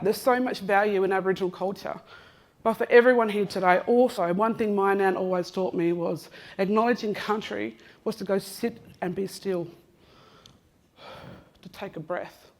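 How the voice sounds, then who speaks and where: A woman's voice: mid-range voice, moderate pace, darkish tone. A woman in her fifties with an Australian accent, from Western Australia, speaking casually and jokily to a conference audience as she walks among them, teasing people and addressing them by name. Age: 50s. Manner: chatty and teasing, addresses people in the room directly, many "um"s. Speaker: conference speaker giving an Acknowledgement of Country. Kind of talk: casual, joking talk to a live audience. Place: large conference room, walking among the audience.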